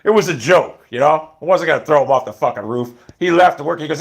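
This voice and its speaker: A man's voice: on the high side, expressive, quick pace, vocal fry. A man telling stories in a casual, rambling monologue, blunt and profane, with many restarts. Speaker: storyteller.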